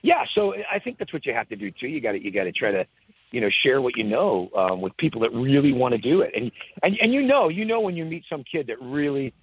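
A man's voice: medium pitch, fast talker, slight background noise. A middle-aged man, a songwriter guest, telling stories in an interview with many repeats and restarts. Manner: animated storyteller, repeats words and restarts often. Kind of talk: storytelling in a podcast interview. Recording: tinny phone-like line.

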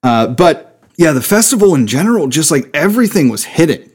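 A man's voice: on the high side, very animated, fairly quick, a little mellow, slightly rough. A man co-hosting a podcast in casual chat, enthusiastic and swearing freely. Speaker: podcast co-host.

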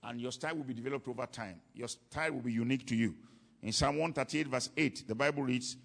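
A preacher teaching on ministry delivers an emphatic sermon to his congregation, repeating key lines for weight. His medium-pitched voice moves fast and carries vocal fry.

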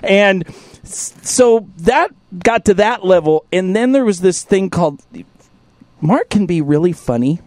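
A man with a high, swooping voice hosts a podcast and tells a raunchy story, laughing as he goes. He sounds sore and worn out from a hurt rib. The sound is dry and close. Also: unhurried, no echo. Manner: profane, animated, laughs through his story. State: sore ribs, tired. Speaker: podcast host. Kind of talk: crude comedic storytelling.

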